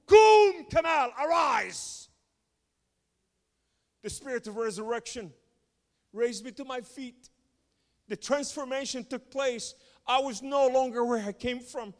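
A man giving an impassioned sermon testimony, swinging from loud cries to hushed tones. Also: very high-pitched, fairly even intonation, a little slow. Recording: long reverb of a large hall.

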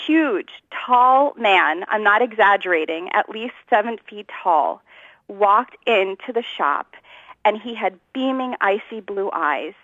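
A woman from New Jersey, a guest telling her personal story in a lively, conversational way and laughing often. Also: medium pitch, no echo, lo-fi sound. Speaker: interview guest.

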